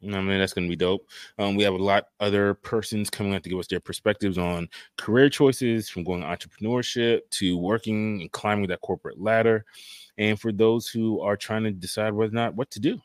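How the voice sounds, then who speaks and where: A man's voice: lowish voice, fairly even intonation, a little fast, no echo, clean studio sound. A middle-aged man, co-hosting a podcast in a playful, joking manner. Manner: joking, playful, slips into voices for bits. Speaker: podcast co-host. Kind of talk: casual chat.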